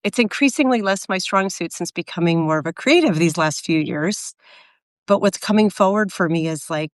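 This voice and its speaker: A woman's voice: fairly low pitch, expressive, moderate pace, no echo, studio quality. A woman in her forties in casual, reflective chat, rambling with many fillers and restarts. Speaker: co-host of a live video chat.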